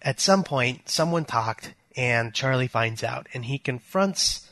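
A man's voice: mid-range voice, a little slow, no echo. A man co-hosting a casual film discussion who talks earnestly and with energy. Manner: earnest, animated. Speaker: podcast co-host.

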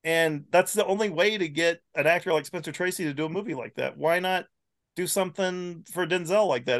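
A man guests on a podcast, riffing in loose, animated chat. He fires off rhetorical questions and gets worked up. His voice sits somewhat high. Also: a little fast. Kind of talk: casual chat.

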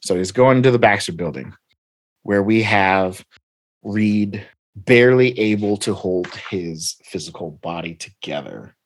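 A man in casual chat, retelling a comic story with lively acted-out dialogue. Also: fairly low pitch, measured pace, no echo. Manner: animated retelling, reads captions aloud and acts out dialogue. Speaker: podcast co-host recapping comics.

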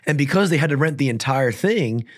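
A man's voice: a little high, lively intonation. A man chatting casually as an interview guest, telling rambling stories full of fillers. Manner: fast, rambling storytelling with many fillers. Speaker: guest fighter. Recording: audio-only podcast.

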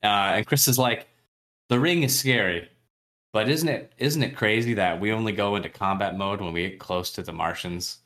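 Recapping a novel for a friend on their podcast, this co-host chats casually and laughs a lot. His voice is fairly low with a fairly bright tone, and he acts out the characters' lines with quick impressions as he recounts their exchanges.

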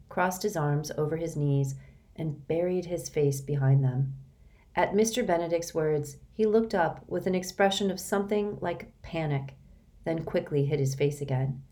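Woman reading an audiobook, low voice, steady and expressive. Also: moderate pace. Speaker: audiobook narrator. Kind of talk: storybook narration.

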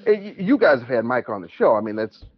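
A man's voice: mid-range voice, breathy edge, no room sound, dull audio. A man calling in to a show and telling stories in a casual, chatty way, laughing easily. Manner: animated, chatty, quick to laugh. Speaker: caller. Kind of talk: casual storytelling.

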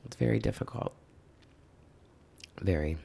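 A man with a low, gravelly voice and a lot of fry. He speaks earnestly and haltingly, starting over mid-sentence as he chats in a podcast conversation. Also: dark tone, slight background noise. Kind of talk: casual conversation.

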